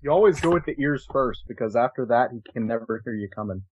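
A man chatting casually about a video game, animated and rambling, often restarting his sentences. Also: medium pitch, quick pace, dull audio, a little hiss or hum. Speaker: podcast guest co-host. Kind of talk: casual gaming chat.

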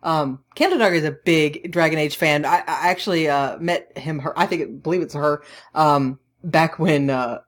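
A woman co-hosting a casual video game podcast, chatty and teasing, quick to laugh. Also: deep voice. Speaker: podcast co-host. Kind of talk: casual chat about video games.

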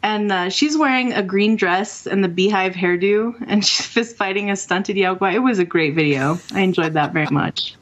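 A woman's voice: mid-range voice, moderate pace, few pauses. A woman co-hosting a casual gaming podcast over a call, chatty and enthusiastic as she reads out listener messages. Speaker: podcast co-host. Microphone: remote call mic.

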